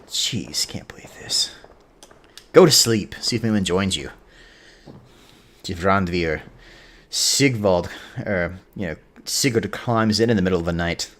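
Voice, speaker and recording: A man's voice: low voice, moderate pace, pauses often, a bit bright. A man streaming a video game, chatting and joking with historical asides. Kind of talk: gameplay commentary.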